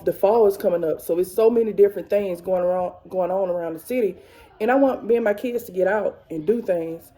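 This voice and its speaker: Emotional, rambling woman vlogger, warm voice. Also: on the low side. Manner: rambling, repeats herself, emotional. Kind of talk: emotional casual chat to camera. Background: kids faintly in background.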